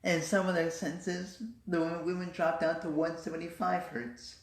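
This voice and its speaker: A woman's voice: fairly low pitch, little pitch movement, normal speed. A woman in a casual vlog, explaining and demonstrating voice techniques. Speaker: vlogger. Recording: roomy echo.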